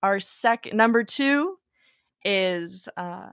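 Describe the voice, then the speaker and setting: A woman co-hosting a podcast in casual chat, chatty and quick to laugh. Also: medium pitch, lively intonation, a bit bright, clear, resonant tone, dry recording, clean studio sound. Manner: chatty, laughs often, acts out quotes. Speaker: podcast co-host.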